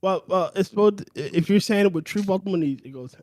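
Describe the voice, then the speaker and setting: A man with a fairly high voice chatting casually on a podcast. He trips over his words and restarts his sentences, and his tone stays easygoing. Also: fairly quick, few pauses. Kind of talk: casual chat.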